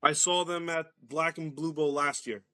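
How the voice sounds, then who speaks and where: A man's voice: a little high, steady tone, normal speed, sharp tone, clean tone. A man chatting casually as a podcast guest, rambling loosely with lots of "like" and swearing.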